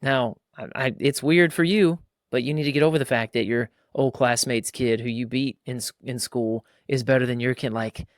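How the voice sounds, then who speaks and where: A man in his thirties co-hosting a casual faith-based parenting chat, animated and acting out fathers and kids in quick voices. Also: mid-range voice, dry recording, clean studio sound. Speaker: podcast co-host.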